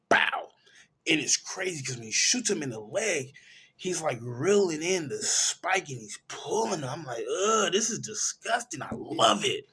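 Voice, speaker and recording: Husky man animatedly recapping a movie. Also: mid-range voice. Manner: animated storytelling, correcting himself mid-sentence. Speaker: film reviewer. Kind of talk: casual movie plot recap.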